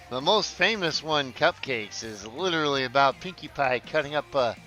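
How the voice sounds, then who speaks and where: A man streaming casually, chatty and quick to laugh, swearing freely and stumbling as he reads news and chat aloud. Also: on the high side, animated, sharp tone, soft background music.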